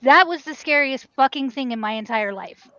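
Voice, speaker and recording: A young woman chatting casually, swearing freely and talking quickly and excitedly. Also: high voice, no echo. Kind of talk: casual chat. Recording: dull lo-fi dry sound.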